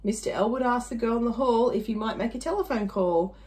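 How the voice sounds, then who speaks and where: A woman's voice: a little high, a little fast, a little mellow, rough recording. A woman reading a rhyming children's story aloud, playful, with little asides to the listener.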